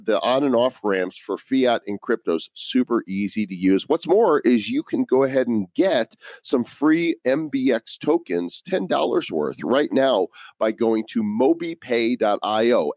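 A man's voice: mid-range voice, darkish tone, no room sound, studio quality. Playful male podcast co-host. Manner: playful, reads sponsor spots. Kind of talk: casual podcast banter with ad reads.

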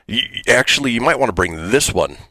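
A man's voice: medium pitch, animated, a little fast, pushed and bright, dry recording. A man hosting a radio show in casual chat, laughing often and using many fillers.

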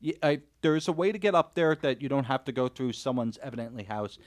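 A man's voice: mid-range voice, expressive, quick pace. A man co-hosting a casual podcast, a jokey storyteller who slips into silly voices. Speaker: podcast co-host. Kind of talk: casual chat.

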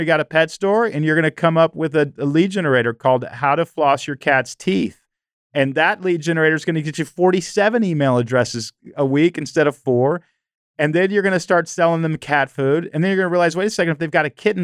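A man hosting a podcast speaks in a somewhat high, smooth and resonant voice. He tells stories with animated enthusiasm and often uses "you know" as a filler. The sound is dry and close, with no room echo. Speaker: podcast host. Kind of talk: conversational interview.

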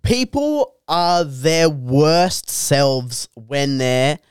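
A man's voice: a little high, animated, extremely slow, clear, resonant tone, no room sound, studio quality. A young Australian man co-hosting a podcast in laid-back, crude chat, swearing a lot and calling his co-host dude.

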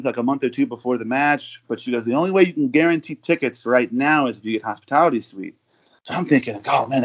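A man from the United States, a guest on a casual podcast, telling long stories with lots of fillers and restarts. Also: mid-range voice. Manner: rambling storyteller with many fillers and restarts. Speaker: guest, overseas football supporter.

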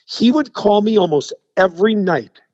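A middle-aged man, a radio guest telling animated anecdotes in casual chat. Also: sits high, normal speed, dry recording. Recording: slightly dull, dry sound.

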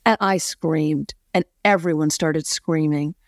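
A woman's voice: deep voice, slow, no room sound, clean studio sound. A middle-aged woman, a podcast guest, earnestly telling a personal story with lots of "you know" fillers.

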